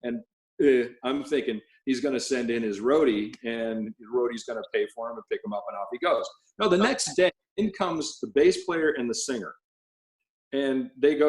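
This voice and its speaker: A man, a cymbal company president, guest on an interview show, telling animated stories with laughter. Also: medium pitch, moderate pace, echoey room, low-quality recording. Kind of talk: storytelling in casual interview.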